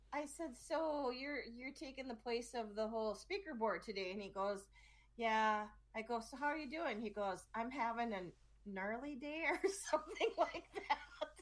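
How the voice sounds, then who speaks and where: A woman's voice: on the high side, a bit bright. A woman co-hosting a casual chat show, telling a story and laughing often. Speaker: podcast co-host.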